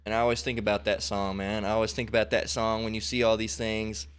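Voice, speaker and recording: A man's voice: fairly low pitch, flat delivery, fast, over loud music. A man talking in loose, rambling commentary who keeps checking in with "all right?" between thoughts. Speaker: religious commentator. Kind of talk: casual spoken commentary.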